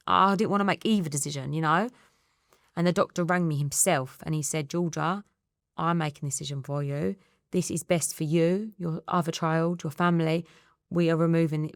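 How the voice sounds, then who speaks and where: Low gravelly-voiced Essex woman. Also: dry recording, studio quality. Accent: Essex English. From England. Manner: rapid storytelling that re-enacts dialogue. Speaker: guest. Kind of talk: candid emotional interview.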